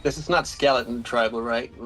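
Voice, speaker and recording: A man chatting casually on a game stream call, easygoing and quick to laugh and ask questions. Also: mid-range voice, steady tone, fairly bright tone. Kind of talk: casual chat while gaming.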